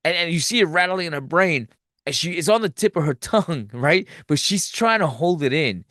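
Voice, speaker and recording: A man's voice: fairly high pitch, moderate pace, no room sound, studio quality. Profane man retelling a movie plot. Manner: profane, animated retelling with acted-out quotes. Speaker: podcast host. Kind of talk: casual movie recap.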